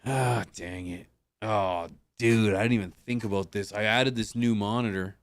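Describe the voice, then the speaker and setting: A man's voice: on the low side, fairly even intonation, moderate pace, dry recording. A man hosting a casual livestream, laughing and muttering to himself as he sorts out his monitors. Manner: laughing, muttering to himself while fixing tech. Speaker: livestream host.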